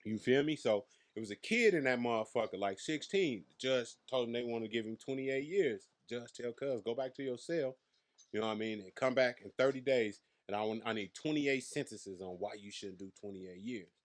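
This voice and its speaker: A man's voice: mid-range voice, a little fast. Brash, profane male comedian telling stories. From Las Vegas, USA. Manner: brash, profane, boastful storyteller. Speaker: comedian guest. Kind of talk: casual storytelling interview.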